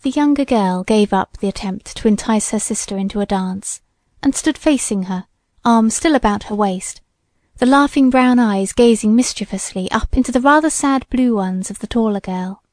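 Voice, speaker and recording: A woman narrating an audiobook in a measured, soft storytelling manner. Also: on the high side, no room sound.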